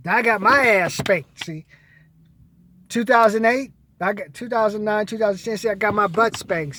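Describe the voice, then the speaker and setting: A man's voice: very high-pitched, a bit bright, slight background noise. A man giving blunt, profane money advice in a casual monologue to camera.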